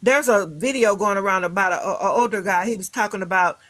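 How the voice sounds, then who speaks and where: A woman's voice: mid-range voice, fast, fairly bright tone, no room sound. A woman speaking casually, emphatic and rambling with many restarts. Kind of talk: casual discussion.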